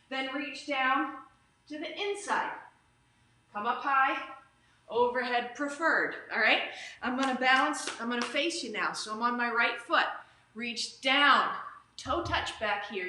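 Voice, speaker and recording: A fitness instructor with a bright, high voice leads a live online exercise class, upbeat and chatty and prone to tangents. She streams from a camera or phone, and the room has a roomy echo.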